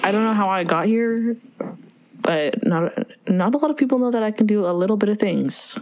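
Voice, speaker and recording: A woman's voice: medium pitch, normal speed, dry recording. A young woman co-hosting a podcast, chatting casually and giggling often. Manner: giggly, lively, talks over her friend. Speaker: podcast co-host. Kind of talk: casual chat.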